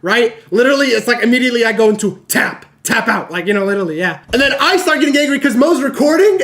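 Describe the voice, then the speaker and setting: A young man streaming live, telling a story in a casual, animated way, full of "literally" and "right?". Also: extremely high pitch, fast, few pauses. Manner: animated, conversational, lots of fillers like "literally" and "right?".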